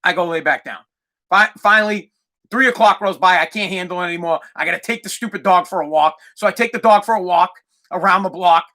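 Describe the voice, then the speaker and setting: A man in his thirties hosting a podcast, ranting casually and with exasperation, sometimes yelling. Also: high voice, brisk. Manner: exasperated ranting, yells and imitates barking. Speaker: podcast host. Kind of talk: casual comedic rant.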